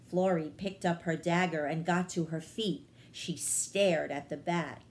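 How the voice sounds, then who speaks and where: A woman, a children's librarian, narrating a storybook aloud in a calm, measured way. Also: lowish voice.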